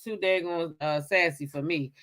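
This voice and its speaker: A woman hosting a casual chat show, talking in a sassy, animated way. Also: on the low side, moderate pace. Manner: sassy, animated, laughs at herself. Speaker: host.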